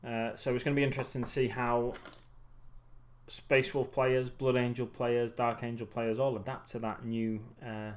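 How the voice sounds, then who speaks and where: A man in a mid-pitched, ordinary voice chats casually as he works on models. He rambles and muses aloud, trailing off and correcting himself, and sounds a bit tired. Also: level tone, normal speed. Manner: rambling and musing, many ums and self-corrections. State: getting tired. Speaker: hobby livestream host. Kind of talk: casual chat while building miniatures.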